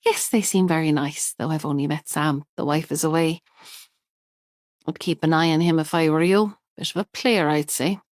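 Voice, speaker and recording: A nosy, deadpan neighbour, as a woman narrator reads him passes on gossip in a confiding tone. The voice sits fairly low. The recording is close and completely dry. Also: moderate pace, no echo, natural voice. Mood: gossipy.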